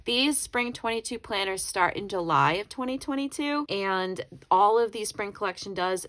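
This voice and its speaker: A woman's voice: medium pitch, fairly bright tone. A woman talking casually through a planner flip-through, rambling and correcting herself as she goes. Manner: chatty, rambling, self-correcting. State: briefly tearful. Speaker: planner YouTuber.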